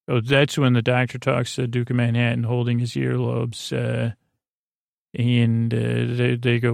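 Gravelly man rambling through a sleepy recap. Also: medium pitch, flat delivery, no echo, studio quality. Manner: meandering, halting, full of fillers. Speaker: podcast host. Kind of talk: rambling bedtime episode recap.

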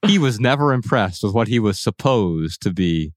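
A man's voice: lowish voice, normal speed, no echo, studio quality. A man with a Midwestern American accent co-hosting a casual podcast, telling stories and playfully mimicking other people's voices. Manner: animated, playful voices when quoting people. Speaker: podcast co-host.

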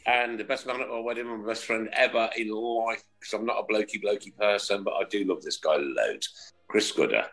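A man hosting a casual football fan chat show, jokey and loud, often laughing. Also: on the low side, brisk. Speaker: host.

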